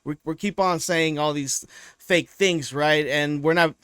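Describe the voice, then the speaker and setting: A man's voice: a little high, fairly even intonation, measured pace, a bit bright, smooth, no echo, studio quality. A man hosting a reaction video, commenting casually and rambling as he thinks aloud.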